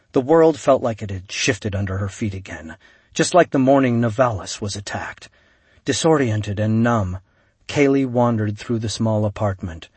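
A man reading an audiobook in a measured, solemn way, recorded close on a studio mic. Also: on the low side, breathy edge, no echo. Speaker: audiobook narrator. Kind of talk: scripted narration.

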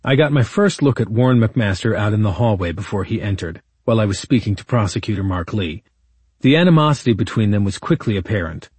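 Male attorney-narrator for a true-crime audiobook; low, dry, measured and indignant. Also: expressive, darkish tone, breathy edge, no echo. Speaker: attorney narrating his own case.

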